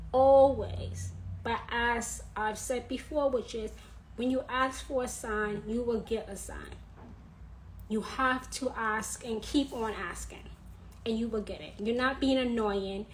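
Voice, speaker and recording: A woman in her thirties talking earnestly in a personal vlog, repeating her points and laughing softly now and then. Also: on the high side, a little hiss or hum, rough recording. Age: 30s. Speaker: vlogger.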